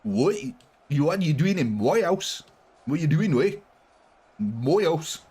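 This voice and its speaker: A man's voice: fairly high pitch, very animated, unhurried, warm tone, breathy edge, pitched above the performer's own voice, heavily acted. A man doing an indignant man in a mock South African accent. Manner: indignant, challenging. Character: indignant man defending his house.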